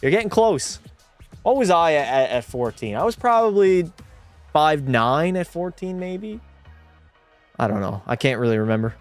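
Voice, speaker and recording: A young man streaming a hockey video game live, commentating excitedly, swearing and chatting with viewers. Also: on the high side, normal speed, pauses often, faint music behind.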